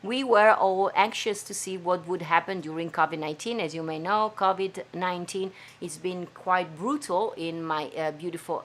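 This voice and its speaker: A woman's voice: mid-range voice, fairly bright tone. A woman from Venice with an Italian accent, hosting her own live stream in an enthusiastic, chatty way with frequent fillers. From Venice, Italy. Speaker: host of a live stream show. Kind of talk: casual live-stream chat. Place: home studio.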